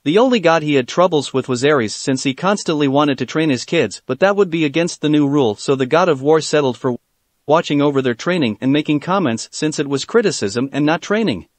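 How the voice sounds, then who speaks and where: A man's voice: a little high, lively intonation, a little fast, dry recording. Man reading fan fiction aloud. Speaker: narrator.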